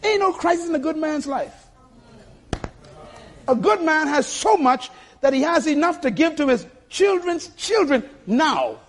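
Older man, sermon, husky voice, high lively delivery, emphatic, live church audio. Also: measured pace. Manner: emphatic, calls for congregation responses. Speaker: preacher. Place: church sanctuary.

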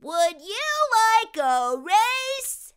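A woman voicing a small, cheerful young male sloth in a children's storybook read-aloud, speaking slowly and sweetly like a child. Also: very high-pitched, big pitch swings, fairly bright tone, pitched above the performer's own voice, full character voice.

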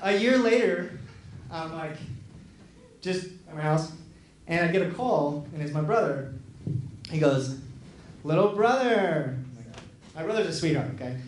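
A man performing stand-up comedy, telling a story and acting out the other people's lines in an animated way. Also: fairly high pitch, normal speed, pauses often, a little hiss or hum. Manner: animated, acts out quoted voices. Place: comedy club stage with live audience. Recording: echoey club with crowd laughter.

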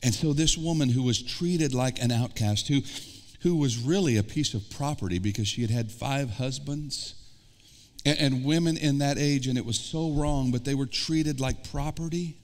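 A man's voice: mid-range voice, moderate pace. A man with an American Midwestern accent, preaching an earnest sermon as pastor and putting questions straight to his congregation. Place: church sanctuary. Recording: long church reverb.

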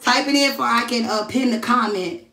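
A woman's voice: fairly high pitch, moderate pace, pushed and bright. A woman hosting a casual livestream from home, chatting straight to her viewers and reading their comments aloud. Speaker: livestream host. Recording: echoey room, voice from a distance.

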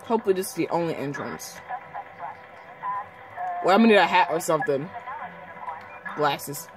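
A man giving joking, excitable commentary over his video game play, calling out to the characters on screen. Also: fairly high pitch, normal speed. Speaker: gameplay commentator. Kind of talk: casual gameplay commentary. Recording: game music loud behind voice. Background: video game music and sounds.

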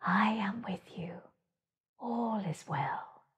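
A woman voicing the moon as a sweet, calm female spirit in a storybook, in whispered role-play. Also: mid-range voice, drawn-out words, reverberant, pitched above the performer's own voice. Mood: serene.

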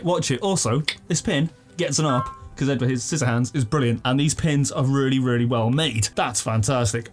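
Excitable man unboxing at home. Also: medium pitch. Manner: excitable, enthusiastic, chatty with laughs. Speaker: unboxing video host. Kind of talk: casual unboxing commentary. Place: living room at home.

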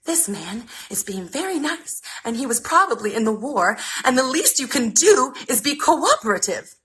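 A woman's voice: high voice, sing-song, moderate pace, fairly bright tone, pitched above the performer's own voice. A woman voicing a prim, anxious mother who scolds her son in a hiss and puts on genteel airs. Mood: scolding.

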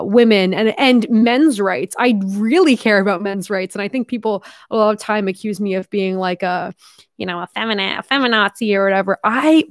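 A young Canadian woman talks casually to her viewers, rambling and dropping fillers as she goes. Her medium-pitched voice sounds close and dry, with no room around it. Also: no echo. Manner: chatty, rambling, heavy use of fillers and "like". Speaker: YouTuber opening fan mail. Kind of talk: casual vlog chat.

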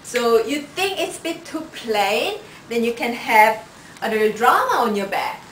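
Slow-talking woman stylist. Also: fairly high pitch, sing-song, fairly bright tone, a little hiss or hum. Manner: unhurried, shows each item with "like this". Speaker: fashion stylist presenting clothes. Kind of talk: product styling demo. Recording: roomy sound from a distance.

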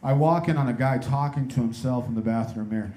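A male stand-up comedian telling a story on a comedy club stage in an incredulous, lively way. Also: medium pitch, quick pace.

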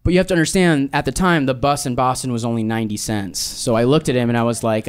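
A man in his thirties performing a stand-up set, telling a story in a dry, deadpan way and slipping into exaggerated voices for quotes. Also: medium pitch, quick pace, hardly any pauses, clear, resonant tone. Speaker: stand-up comedian. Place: live comedy club with audience laughter. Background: audience laughter.

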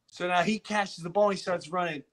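A middle-aged comedian from Long Island tells stories in a casual chat. His voice is high and bright, and he swears freely as he talks. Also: a little fast. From Long Island, New York. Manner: animated, heavy swearing, restarts. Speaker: comedian guest.

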